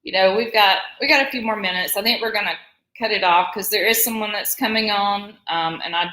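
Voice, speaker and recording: A woman in her forties with a Southern US accent speaks a little fast in a medium-pitched, pushed, bright voice. Co-hosting a casual live stream, she chats and rambles, laughing frequently, and the room is echoey.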